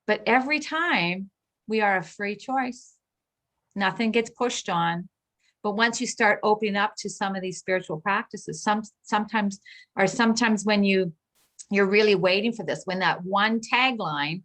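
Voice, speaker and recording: A woman minister giving a reflective spiritual talk, gentle and searching, with pauses and restarts. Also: medium pitch.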